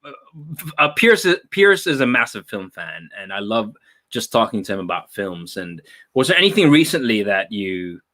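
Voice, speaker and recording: Filipino-born male host, lively pitch, bright animated delivery, casual chat. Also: moderate pace. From Philippines. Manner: animated, laughs often.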